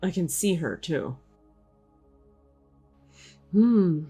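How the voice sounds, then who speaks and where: A woman hosting a podcast, speaking softly and reflectively, with frequent hums and sighs as she channels a spirit. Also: lowish voice, big pitch swings, very slow, breathy edge, faint music behind. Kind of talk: casual podcast talk.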